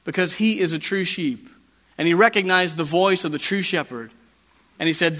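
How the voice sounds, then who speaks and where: Bright emphatic preaching man. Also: high voice. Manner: emphatic preaching, slowing down on key phrases. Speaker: pastor. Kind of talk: sermon. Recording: long hall reverb.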